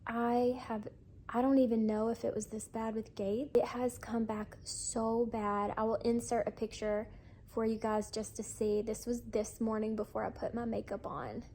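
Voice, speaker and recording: A woman's voice: on the high side, fairly even intonation, moderate pace, dark tone, a little hiss or hum. A young adult woman giving a candid, chatty update to her viewers in a casual vlog. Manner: candid, confiding, chatty with fillers. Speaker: vlogger.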